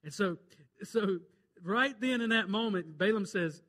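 A man with a Mississippi accent preaching a sermon, retelling a Bible story in a folksy way and swinging between loud and hushed. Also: high voice, expressive, a little slow. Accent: Southern US, Mississippi. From Mississippi, USA. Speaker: pastor.

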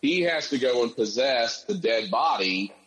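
A man's voice: medium pitch, animated, a little slow, fairly bright tone, poor audio. A man co-hosting a podcast, chatting casually and building his arguments point by point. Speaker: podcast co-host. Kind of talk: casual chat.

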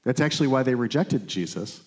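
A man's voice: expressive, brisk, a little mellow. A man teaching a Bible study in a conversational sermon style. He speaks earnestly and informally, often checking in with "right?" and "okay?". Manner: acts out quotes with lifted, pleading pitch.

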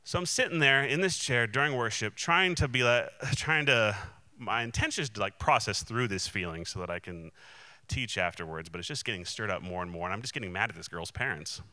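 A man's voice: lowish voice, lively intonation, a little fast, bright, forceful tone, no echo. A man, a Christian minister, telling a personal testimony in an earnest, candid and emotionally open way. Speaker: Christian minister and conference speaker.

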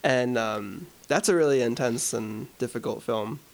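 A man's voice: medium pitch, unhurried, vocal fry. A man co-hosting a podcast, talking earnestly about films and often stopping to search for words. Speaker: podcast co-host. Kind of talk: casual film discussion.

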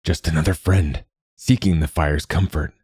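Man reading a soft-spoken old sage in a storybook, deep, calm, dry sound. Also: moderate pace, breathy edge, no echo, heavily acted. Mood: welcoming.

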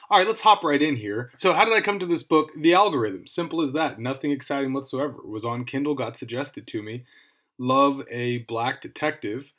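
Irish man hosting a podcast book review, middle-pitched voice, loose and self-deprecating, keeps restarting his sentences. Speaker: podcast host.

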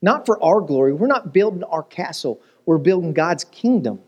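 A man's voice: on the high side, expressive, moderate pace, darkish tone, breathy edge, dull audio. A man preaching a sermon as pastor, telling jokes and stories and asking the congregation rhetorical questions.

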